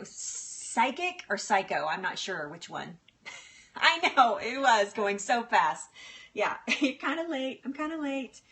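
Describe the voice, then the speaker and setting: A woman's voice: a little high, a bit bright, a little hiss or hum. A woman hosting a casual cooking livestream in a home kitchen, chatty and laughing often as she talks to viewers by name.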